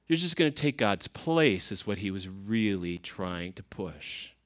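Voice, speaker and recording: A man's voice: on the low side, very animated, unhurried. A male pastor giving a sermon in a conversational way, often asking the listeners questions.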